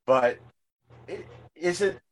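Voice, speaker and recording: A man with a fairly high voice talks in loose podcast chat. He rambles through his stories with fillers and restarts and doesn't soften his language. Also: lively intonation, takes it slowly. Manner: crude, blunt language. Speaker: podcast co-host. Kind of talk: casual chat.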